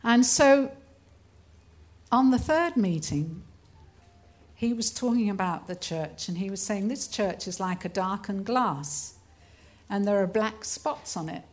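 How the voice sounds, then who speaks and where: An older woman from England tells her testimony at a conference. She speaks slowly and earnestly, at a middle pitch, and laughs easily between her lines. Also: expressive. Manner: earnest storytelling, breaks into laughter. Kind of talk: testimony talk.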